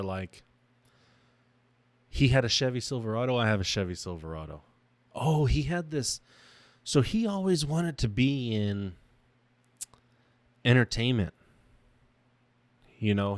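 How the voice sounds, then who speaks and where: Young guy on his podcast, raw and emotional, kinda halting, lowish voice, dry close mic. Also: no room sound. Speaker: podcast host. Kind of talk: personal reflective monologue.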